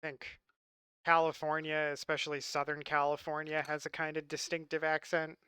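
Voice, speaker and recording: A man's voice: a little high, completely flat delivery, normal speed, pushed and bright, clean tone. A man from Long Island chatting casually with his stream chat in a wry, talkative way. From Long Island, New York.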